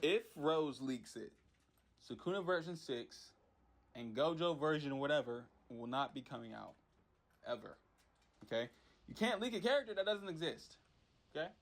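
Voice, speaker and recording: A man's voice: fairly high pitch, animated, normal speed, pauses often. A young man who makes game characters, ranting in a rambling, frustrated way with lots of slang and repeated words. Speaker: MUGEN character creator. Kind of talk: casual ranting vlog.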